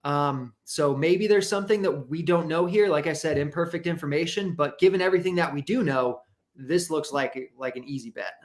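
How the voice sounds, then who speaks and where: A man's voice: on the high side, normal speed. A man talking through a betting analysis casually, reasoning aloud with fillers like um and you know. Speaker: analyst guest.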